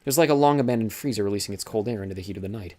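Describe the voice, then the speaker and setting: A man narrating an audiobook in a steady, dramatic reading style. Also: lowish voice, very fast. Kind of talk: scripted narration.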